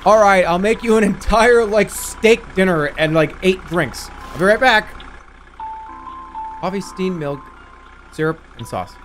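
A man in his thirties playing a video game, swearing and swinging between low mutters and excited yelps. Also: measured pace, soft background music. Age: 30s. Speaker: streamer. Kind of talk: let's play commentary.

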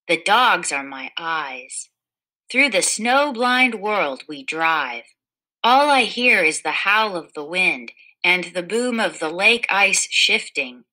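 A woman reading a children's picture book aloud in a gentle storytelling manner, livening up the quoted lines. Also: fairly low pitch, low-quality recording. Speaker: storybook reader.

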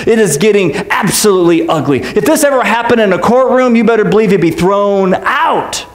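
A male pastor preaching in a church, animated and jokey, acting out quotes and asking questions. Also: sits high, brisk. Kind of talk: sermon, Bible teaching. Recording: echoey church room.

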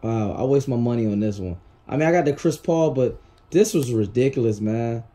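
Frustrated ranting male gamer, mellow voice. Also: medium pitch, animated, brisk. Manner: frustrated, ranting, swears a lot. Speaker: gaming channel host. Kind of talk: casual gaming commentary.

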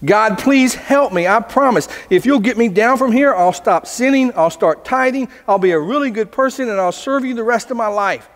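A man's voice: extremely high pitch, moderate pace, hardly any pauses, long reverb tail, pitched above the performer's own voice. A man voicing a desperate man hanging from a cliff, pleading frantically in a raised voice.

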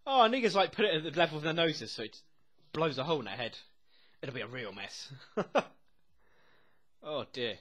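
Excitable swearing man reacting. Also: fairly high pitch, normal speed, long pauses. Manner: excitable, swears constantly, laughs often. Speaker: TV episode reactor. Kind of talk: live reaction commentary.

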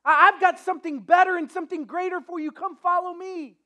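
Gentle, intimate Jesus, put on by a pastor in a sermon story; high-pitched, conversational, earnest. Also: brisk, close to an everyday voice. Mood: inviting. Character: Jesus, a gentle man recalling the past with a friend.

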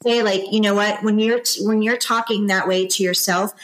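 A woman's voice: mid-range voice, fairly even intonation, moderate pace, fairly bright tone, rough recording. Earnest encouraging woman coach. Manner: earnest, encouraging, rambling restarts. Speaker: podcast guest, business coach. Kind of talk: casual podcast interview.

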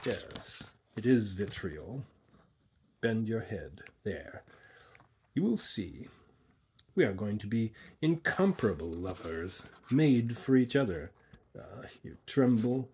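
A man reading a horror story aloud, voicing a blinded, disfigured man who speaks in a quiet, menacing, coaxing voice. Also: mid-range voice, very animated, a little slow, a little hiss or hum. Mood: cold gloating.

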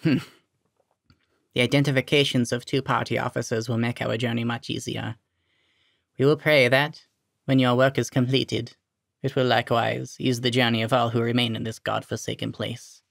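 A man voicing a gruff, blunt old war veteran in a storybook reading, speaking slowly and gravely. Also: medium pitch, level tone, a bit bright, no echo, studio quality. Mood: grim.

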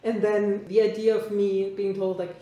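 Podcast co-host, woman, mellow dark tone, very roomy echoey recording. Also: mid-range voice, flat delivery, moderate pace. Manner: chatty, laughs often, says like a lot. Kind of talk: casual chat. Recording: echoey room.

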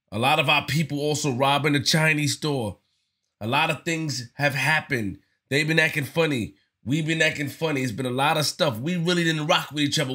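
A man's voice: on the high side, sharp tone. A man giving casual spoken commentary on his channel, earnest and slangy, often repeating himself as he talks it through. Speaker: vlogger.

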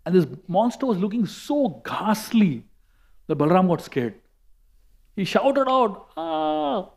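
A man with an Indian English accent giving a sermon, telling a story in a lively way with emphatic repetition. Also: high-pitched, measured pace. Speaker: monk and speaker.

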